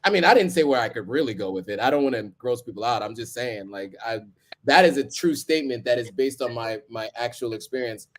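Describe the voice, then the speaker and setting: A man in his thirties hosts a live stream, chatting in a laid-back way with plenty of ums and easy chuckles. His medium-pitched voice is fairly quick, with lively intonation.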